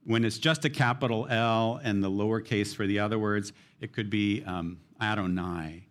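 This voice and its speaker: A man's voice: lowish voice, fairly even intonation, moderate pace. A man preaching a sermon, explaining a psalm in an earnest teaching manner. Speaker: pastor.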